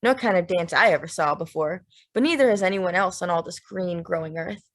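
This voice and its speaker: A woman narrating a literary audiobook in a steady, measured, plain way. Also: on the low side.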